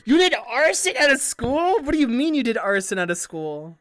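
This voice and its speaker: A young woman streamer chatting casually with viewers, animated and giggly, swearing often and stumbling over restarts. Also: high-pitched, normal speed, dry recording, studio quality. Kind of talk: casual livestream chat.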